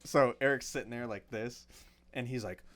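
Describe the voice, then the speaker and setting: A man co-hosting a casual podcast chat, telling driving stories in an animated way and swearing freely. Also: medium pitch, moderate pace. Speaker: podcast co-host.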